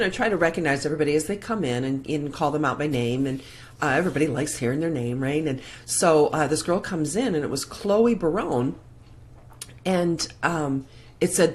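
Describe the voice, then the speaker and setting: A woman hosting a live morning show, talking in a casual, emotional, heartfelt way with many restarts into a plug-in microphone. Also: sits low. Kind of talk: casual live-stream chat.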